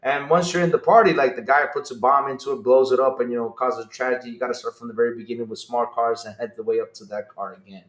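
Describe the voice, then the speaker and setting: A man's voice: mid-range voice, fairly even intonation, fast talker, few pauses, roomy sound. A man hosting a podcast in casual live-stream chat, rambling and reading out chat messages. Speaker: podcast host.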